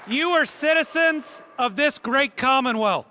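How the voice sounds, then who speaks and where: A man's voice: extremely high pitch, lively intonation, unhurried, pushed and bright, a little hiss or hum. A middle-aged man with a Kentucky accent giving an earnest, emphatic rally speech as governor. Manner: earnest, emphatic, preacherly cadence. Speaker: state governor. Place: large rotunda with a crowd. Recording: echoey rotunda with crowd.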